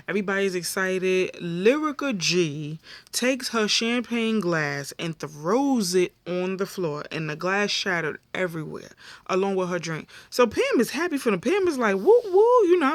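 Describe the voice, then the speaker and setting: A tired woman chats through a reality show recap in loose, slangy talk full of fillers. Her voice sits at a middle pitch. It is recorded dry and close, with no room sound. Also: expressive, moderate pace, no room sound. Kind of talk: casual episode recap.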